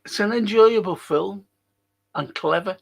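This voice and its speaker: Gravelly-voiced Scouse man. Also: high-pitched, a little slow. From Liverpool, England. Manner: rambling, chatty, swears a lot. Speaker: host. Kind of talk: casual film review chat.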